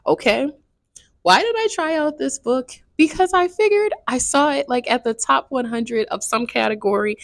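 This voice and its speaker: A woman's voice: high-pitched, expressive, moderate pace, vocal fry, dry recording, studio quality. A woman chatting casually to her viewers in a book review vlog. She swears freely and keeps checking in with her audience.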